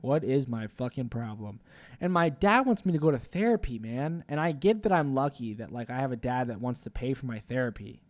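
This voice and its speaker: A man's voice: mid-range voice, animated, brisk. Rambling, profane young man. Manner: rambling and profane, with many "like" fillers. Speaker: vlogger. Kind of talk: rambling confessional monologue.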